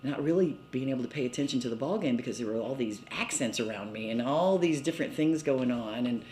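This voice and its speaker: A chatty older woman from Mobile, Alabama, looks back on old times in an interview, laughing often between phrases. Her extremely low, mellow voice has lively intonation and a quick pace, with a little hiss or hum in the audio. The recording, made indoors in a cottage, echoes roomily.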